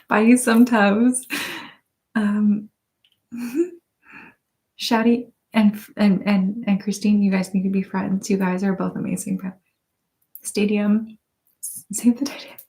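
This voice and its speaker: A woman hosts a live ASMR stream, reading her viewers' comments one after another. Her voice sits at a medium pitch, soft-spoken and close on binaural microphones. She giggles easily and keeps holding back laughter. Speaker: ASMR channel host.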